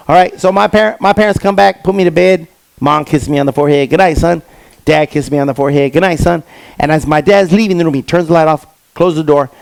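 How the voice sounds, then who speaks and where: A man doing a stand-up comedy set on stage, telling stories with lively quoted voices. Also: high voice, creaky, dry recording. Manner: animated storytelling with quoted voices. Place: comedy stage before a live audience.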